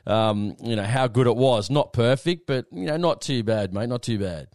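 A man's voice: medium pitch, moderate pace, a little mellow, no room sound, studio quality. An Australian man hosting a podcast interview, friendly and matey in a casual chat. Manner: friendly, matey, says "mate" often. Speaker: podcast host.

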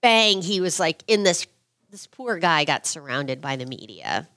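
A middle-aged woman with a slightly low voice tells a story as a podcast guest. She is animated and laughs often, and she acts out what people said. The sound is dry and close to the mic. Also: unhurried, no echo. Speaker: guest, former TV reporter. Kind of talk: casual storytelling.

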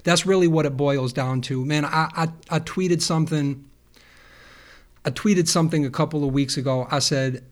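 A man hosting a casual conversation, talking in an animated, rambling way with playful asides. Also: on the high side, moderate pace. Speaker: podcast host.

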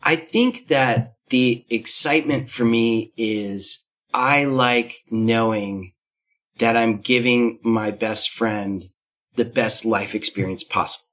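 A man's voice: medium pitch, takes it slowly, fairly bright tone. A man in his thirties, a guest telling a candid personal story, rambling with fillers and restarts and acting out quotes.

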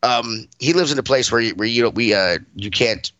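A man co-hosting a podcast, telling a profane, animated story and laughing as he goes. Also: mid-range voice, moderate pace, dry recording, highs cut off. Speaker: podcast co-host. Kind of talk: casual storytelling.

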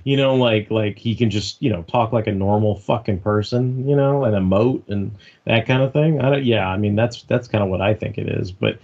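A man's voice: fairly low pitch, normal speed, few pauses, a little mellow. A man co-hosting a casual podcast chat. He rambles, restarts his sentences often and swears freely. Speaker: podcast co-host. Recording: dull lo-fi sound.

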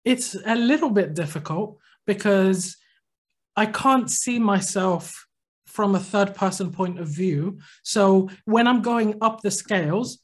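A man's voice: high voice, slow pace. Man telling a story, casual podcast chat. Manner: animated anecdotal storytelling, acts out quotes. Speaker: podcast co-host.

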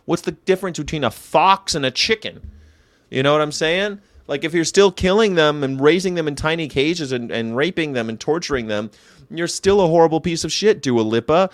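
A middle-aged man ranting sarcastically in a casual monologue, jumping between loud outbursts and low mutters. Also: a little fast, no echo, clean studio sound. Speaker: vegan commentary host.

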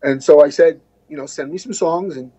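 A man's voice: fairly high pitch, a little fast, dark tone, husky, muffled recording. An American man telling a long story as an interview guest, rambling with many restarts and asides. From United States. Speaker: guest musician.

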